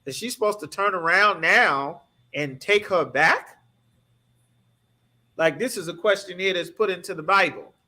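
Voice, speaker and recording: A man's voice: sits high, measured pace, pushed and bright. A man teaching a scripture class, preaching emphatically in a streetwise way and asking the class rhetorical questions. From United States.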